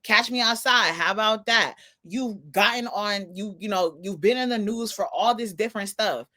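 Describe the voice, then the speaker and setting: A young adult woman co-hosting a podcast, telling stories in an animated, incredulous way during casual chat. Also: medium pitch, normal speed. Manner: animated storytelling, laughing incredulity. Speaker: podcast co-host.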